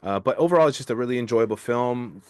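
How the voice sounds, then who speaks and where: A man's voice: mid-range voice, lively intonation, quick pace, no room sound. A man co-hosting a podcast, giving easygoing film opinions with hesitant restarts. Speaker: podcast co-host. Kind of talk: casual film review chat.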